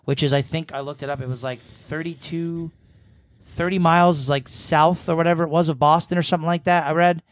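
A man's voice: on the high side, steady tone, fairly quick, no room sound. A man from New England hosting a podcast, telling long stories with a rambling, profane manner. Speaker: podcast host. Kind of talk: casual chat.

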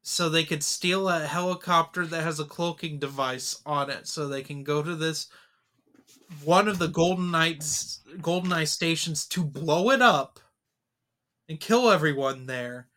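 A man co-hosting a podcast, giving opinionated, animated views in a casual film discussion. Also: fairly high pitch, measured pace. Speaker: podcast co-host.

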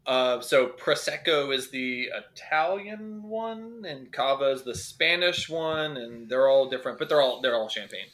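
A man from North Carolina co-hosting a podcast, chatting casually with dry, deadpan jokes. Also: mid-range voice, unhurried, hardly any pauses. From North Carolina, USA. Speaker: podcast co-host.

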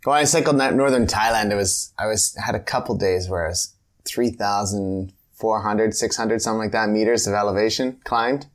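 A man hosting a podcast, chatting casually with a relaxed manner. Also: lowish voice, fairly quick. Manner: relaxed, brief reactions. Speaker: podcast host. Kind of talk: casual interview chat.

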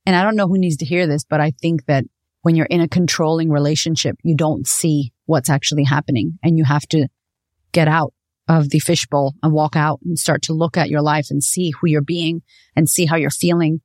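A woman's voice: sits low, steady tone, fairly quick, darkish tone, no room sound, clean studio sound. A woman hosting a podcast, telling a personal story in a raw, profane, confessional way. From United States. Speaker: podcast host.

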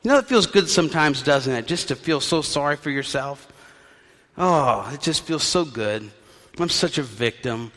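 A man's voice: a little high, expressive, normal speed, a bit bright, in a large hall. A male pastor preaching a sermon in a conversational storytelling way with wry asides.

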